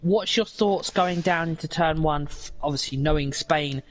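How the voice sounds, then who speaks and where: A man's voice: a little high, normal speed, poor audio. A man co-commentating on an esports race, rambling through his analysis with many fillers; his stream audio sounds robotic.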